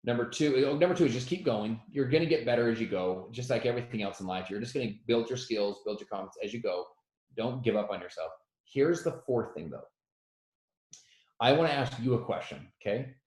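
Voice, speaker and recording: A man in his thirties telling a personal story as a motivational speaker, animated and self-deprecating, who acts out the quotes loudly. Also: medium pitch, brisk, echoey room, poor audio. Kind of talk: storytelling talk.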